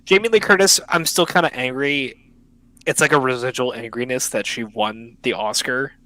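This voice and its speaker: Excitable young man hosting a podcast. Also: mid-range voice, moderate pace, no room sound, rough recording. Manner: enthusiastic, slangy, self-interrupting. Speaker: podcast host. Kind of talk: casual podcast chat. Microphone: online call.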